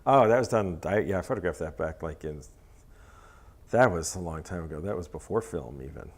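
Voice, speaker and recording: Low-voiced hesitant male photographer. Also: animated, brisk. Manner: hesitant, rambling, many ums. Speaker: photographer, interview guest. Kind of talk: casual interview.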